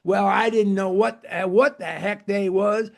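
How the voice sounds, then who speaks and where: A man's voice: high voice, fairly even intonation, measured pace, gravelly. A man putting on the voice of a plain-spoken older Kentucky man with a folksy drawl. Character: plain-spoken old Kentucky man telling his story.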